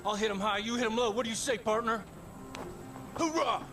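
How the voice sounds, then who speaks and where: An actor playing a desperate, foul-mouthed pilot who swears and shouts as he talks, in a video game cutscene. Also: high-pitched, racing, lightly acted. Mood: excited. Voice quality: excitable, swears a lot, shouts. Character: desperate young pilot man, profane. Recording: loud game music behind.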